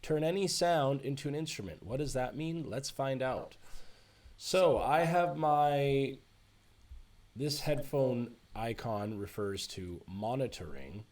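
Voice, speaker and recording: Upbeat man explaining music software. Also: mid-range voice, slow. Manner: chatty, self-correcting, upbeat explaining. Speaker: music production teacher. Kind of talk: screen-recorded tutorial walkthrough. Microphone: USB desk microphone.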